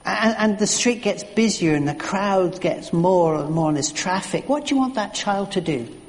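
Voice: medium pitch, lively intonation, normal speed. Preacher with stumbling, conversational delivery. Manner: conversational, many restarts and repeated words. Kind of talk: sermon. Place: church. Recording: long reverb of a church hall.

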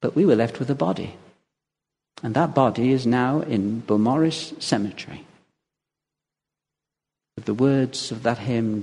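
A man preaching a sermon in a church, telling stories in a lively way and chuckling as he goes. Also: medium pitch, a little slow, pauses often, husky. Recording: long reverb of a large hall.

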